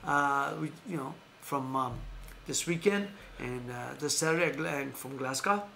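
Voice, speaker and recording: An American host runs a casual boxing news chat, rambling along in a medium-pitched, gravelly voice at a slightly slow pace. He repeats names and restarts his phrases, and the room sounds echoey with faint ambient noise.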